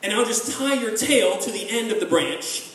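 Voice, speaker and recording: A man's voice: sits high, lively intonation, normal speed, a bit bright, pitched above the performer's own voice. Anansi, a man playing a sly trickster spider. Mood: scheming. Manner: crafty, coaxing. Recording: echoey room, voice from a distance.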